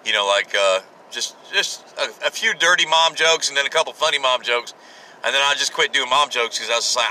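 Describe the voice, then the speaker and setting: A man's voice: a little high, lively intonation, brisk, pushed and bright, slight background noise, rough recording. A man in his forties hosting a solo podcast, talking bluntly and rambling with frequent restarts and swearing. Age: 40s. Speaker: podcast host.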